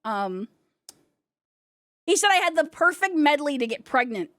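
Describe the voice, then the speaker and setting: A young woman chats on her stream in a very high, lively voice, rambling and excitable, often breaking into giggles. The sound is dry and close, with no room around it. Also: measured pace, no echo. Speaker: VTuber streamer. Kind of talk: casual stream chat.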